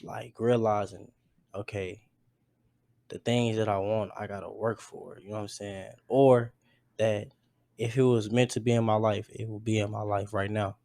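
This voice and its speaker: Low-voiced man, halting and searching. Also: fairly even intonation, creaky, mellow, no room sound, clean studio sound. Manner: halting, searching for words, many restarts. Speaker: podcast host. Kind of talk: casual chat.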